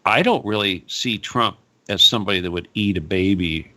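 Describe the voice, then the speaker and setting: A man hosting a talk radio show, chatting casually and rambling, with frequent laughs and animated asides. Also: on the low side, normal speed.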